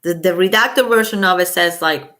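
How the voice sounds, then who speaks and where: A woman's voice: fairly low pitch, normal speed, pushed and bright. A woman with children chatting casually on a livestream, giving blunt opinions and swearing freely. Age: adult with children. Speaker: livestream host.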